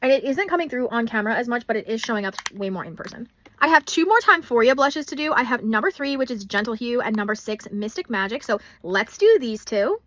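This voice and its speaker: A woman's voice: on the high side, big pitch swings, quick pace, a bit bright. A young woman chatting casually as she swatches makeup in a vlog, gushing over products. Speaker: beauty vlogger.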